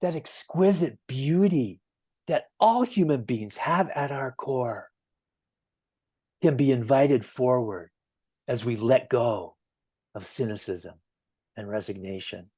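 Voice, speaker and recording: A man giving a gentle, earnest sermon as a minister, telling stories at an easy pace with emphatic swells. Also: medium pitch, lively intonation, takes it slowly, long pauses, slightly rough, no room sound, clean studio sound. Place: church sanctuary.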